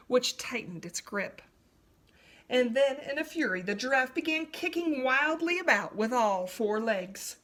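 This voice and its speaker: A woman reading a children's story aloud in an expressive, animated way. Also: sits high.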